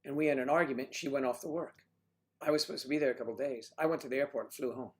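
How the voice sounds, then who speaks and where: A man with a mid-range voice and fairly even intonation talks at a racing clip while hosting a casual livestream. He reads out viewer comments and chats, teasing people and calling them honey and sweetie.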